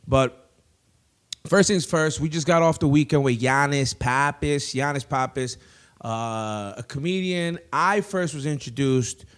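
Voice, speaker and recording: A man's voice: medium pitch, unhurried, smooth. A man hosting a comedy podcast in a studio, chatting casually with lots of rambling, laughter and crude asides.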